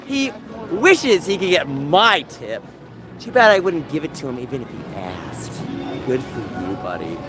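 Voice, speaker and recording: A man livestreaming from outdoors, talking to chat in an animated, mocking, sarcastic way. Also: medium pitch, a little slow, over music. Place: outdoors in a busy public area. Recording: outdoor street noise with passing vehicles.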